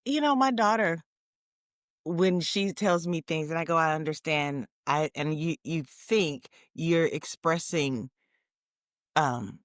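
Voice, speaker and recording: Woman podcast host, low-ish voice, bouncy and animated, laughs a lot, dry room. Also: takes it slowly, no room sound. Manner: animated, laughs often, chatty storyteller. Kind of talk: casual chat.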